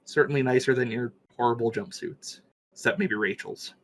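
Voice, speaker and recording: A man's voice: mid-range voice, moderate pace, fairly bright tone, slight background noise. A man narrating as game master of a tabletop game, talking casually with many fillers and the odd swear.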